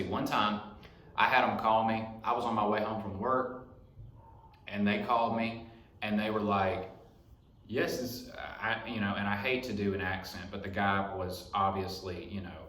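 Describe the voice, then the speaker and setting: A man's voice: on the low side, steady tone, unhurried, fairly bright tone. A young man hosting a podcast in his garage, rambling through a profane story in a casual monologue. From Alabama. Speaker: podcast host. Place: home garage. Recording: echoey garage.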